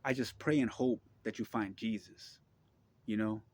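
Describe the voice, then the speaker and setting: A man's voice: lowish voice, steady tone, a little slow, darkish tone. A man talking straight to his audience, blunt, profane and preachy, repeating himself and asking the listener if they agree. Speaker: vlogger. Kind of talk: impassioned religious monologue.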